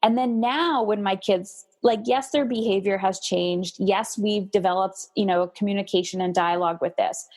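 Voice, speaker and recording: A woman parenting coach talks candidly in a podcast interview. Her voice sits in the middle range, and her delivery is animated. She often slips into acting out things she once said. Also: mid-range voice, moderate pace, hardly any pauses. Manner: candid, animated, acts out her own past scolding. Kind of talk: conversational interview.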